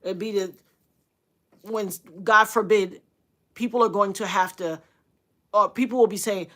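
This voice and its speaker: Her tone steady and her pace unhurried, a middle-aged woman recounts a story on a livestream, earnest and dramatic. Phrases get repeated for emphasis, and she acts out others' words in sudden loud, high bursts.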